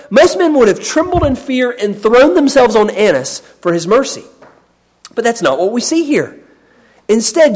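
A Bible teacher giving a sermon, explaining a passage with emphasis and often repeating words. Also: medium pitch.

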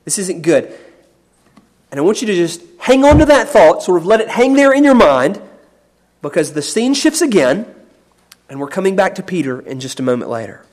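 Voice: mid-range voice, big pitch swings, normal speed, long pauses, a little mellow. A Bible teacher giving a sermon, explaining a passage with emphasis and often repeating words.

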